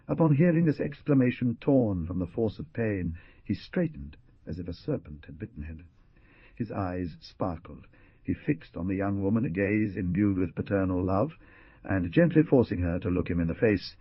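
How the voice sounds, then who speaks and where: A man's voice: deep voice, sing-song, normal speed, slightly rough, no room sound, dull audio. A man narrating an adventure novel audiobook with dramatic, swooping emphasis.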